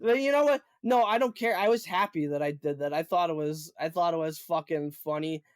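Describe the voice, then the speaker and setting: A man in his twenties, a podcast co-host, telling a story in casual chat, animated, profane and emphatic. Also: a little high, fairly quick, no room sound, clean studio sound. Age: 20s.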